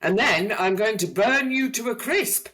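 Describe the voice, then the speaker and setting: A woman's voice: fairly low pitch, huge pitch swings, slow, voice pushed up, heavily acted. A woman putting on a bellowing storybook dragon. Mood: threatening. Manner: loud bellowing, roaring laughs. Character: huge fire-breathing male dragon, blustering bully.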